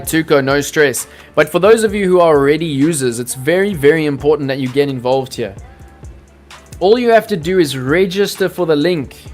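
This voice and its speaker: A man hosting a live crypto trading stream, chatting loosely and answering viewers by name. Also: on the high side. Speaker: crypto trading livestream host. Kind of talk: casual livestream chat to viewers.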